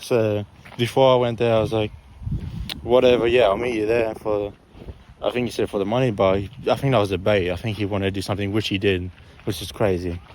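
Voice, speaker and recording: A man's voice: on the low side, fairly even intonation, quick pace, darkish tone. A young man telling a rambling storytime vlog from a park, full of fillers and restarts, filmed on a phone with faint outdoor noise.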